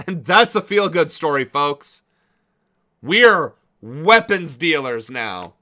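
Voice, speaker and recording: A man riffing on a political livestream in loose commentary. His voice sits slightly high and rings bright and forceful. He is sarcastic and incredulous and swears freely. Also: lively intonation, takes it slowly.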